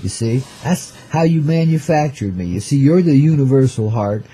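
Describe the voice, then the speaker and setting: Older guy hosting his show, husky and super mellow, hip slang, calls everyone babies, easy chuckles. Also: mid-range voice, animated, normal speed. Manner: easygoing, chuckling between lines. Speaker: show host. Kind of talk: laid-back rhyming radio monologue.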